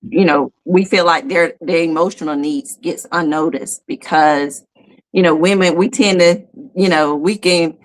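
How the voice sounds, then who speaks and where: A woman hosting a podcast, chatting casually and telling a personal story with animated, rising quotes. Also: a little slow. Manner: animated, storytelling, rises high when quoting herself. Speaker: podcast host.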